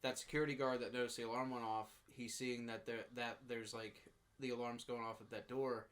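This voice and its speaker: A man chatting loosely on a podcast, retelling scenes from a slasher film. His voice sits at an ordinary middle pitch, and he laughs often, stumbles into restarts and pops up in pitch to quote characters. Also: level tone, fairly quick, fairly bright tone. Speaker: podcast co-host. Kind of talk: casual movie recap chat.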